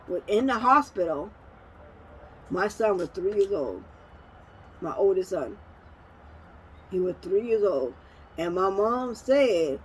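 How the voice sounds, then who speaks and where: A woman's voice: medium pitch, a little hiss or hum, poor audio. A woman vlogger talking casually to the camera, rambling through an emotional family story with many fillers and restarts.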